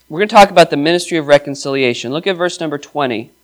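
A male pastor delivering a sermon with emphatic, rising delivery. His voice sits a little higher than most men's. He reads scripture aloud and turns to the congregation with questions. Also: big pitch swings, quick pace, few pauses.

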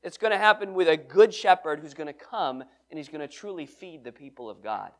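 A man's voice: a little high, lively intonation, a little fast. A man leading a Bible study sermon, reading scripture aloud and explaining it with questions to the room. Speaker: pastor.

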